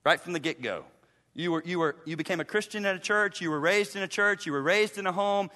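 High bright-voiced preaching man. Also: quick pace, in a large hall. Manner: impassioned, swings between loud emphasis and hushed asides. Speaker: pastor. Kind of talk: sermon. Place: church sanctuary.

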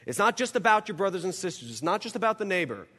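A man with a slightly high voice preaches a sermon, earnest and emphatic as he works through numbered points. His voice rings out in a church hall with a long, trailing reverb. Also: big pitch swings, fast talker, bright, forceful tone, husky.

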